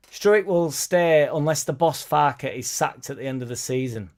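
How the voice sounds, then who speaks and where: Here a man speaks at a normal speed with a fairly high voice and few pauses. As host of a laid-back football fan live stream, he voices viewer messages and replies to them casually.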